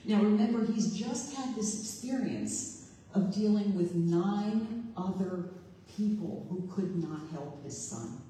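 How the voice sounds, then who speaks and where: A woman preaches to a congregation at an unhurried, deliberate pace, her voice soft and mellow. She muses aloud and poses questions as she retells the story. The recording is distant, with a long, roomy echo filling a large hall. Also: medium pitch, a little hiss or hum. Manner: reflective, questioning, voices the father and Jesus in quotes. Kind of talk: sermon. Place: large echoey room with a congregation. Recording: echoey hall, voice from far off.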